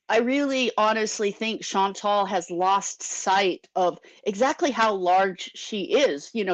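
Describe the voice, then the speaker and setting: A woman's voice: medium pitch, no echo, poor audio. A woman giving opinionated casual commentary on a video call with other panelists. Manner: opinionated, chatty.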